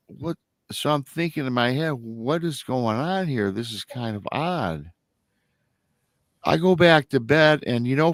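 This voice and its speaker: A man's voice: lowish voice, fairly bright tone, clean tone, dry recording. Rambling man telling a family story. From Michigan. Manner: rambling, with restarts and acted-out quotes of family members. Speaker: guest storyteller. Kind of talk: casual storytelling on a live stream.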